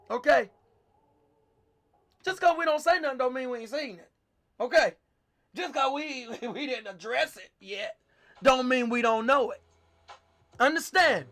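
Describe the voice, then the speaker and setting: A male pastor, telling a story in a sermon, animated and swinging between loud and hushed. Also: extremely high pitch, slow, faint music behind.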